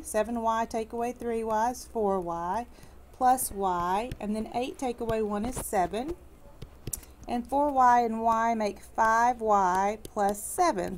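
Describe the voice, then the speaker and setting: Woman math teacher, recorded lesson; patient, deliberate, stresses key terms, mildly jokey. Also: on the high side. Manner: patient, explanatory, slows down to stress key words; light corny humor for students.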